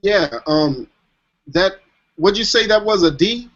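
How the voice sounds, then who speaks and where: A man's voice: sits high, lively intonation, takes it slowly, fairly bright tone. A man hosting a casual video call, asking questions in a rambling way with many ums. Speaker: host. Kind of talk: casual chat. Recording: dull lo-fi call audio.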